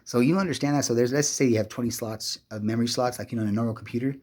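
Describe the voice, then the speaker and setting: A man's voice: mid-range voice, very fast, a little mellow. A man in his fifties telling a meandering personal story, swearing constantly and restarting his sentences often. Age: 50s. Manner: profane, meandering, restless storytelling. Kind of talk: rambling personal monologue.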